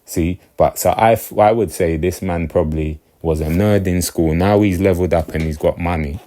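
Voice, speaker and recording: A man talking in a very low, deep voice. His casual monologue rambles and loops back on itself. He keeps asking whether the listener gets what he means. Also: normal speed, mellow. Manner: rambling, repeats himself, keeps checking "you get me". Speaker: commentator.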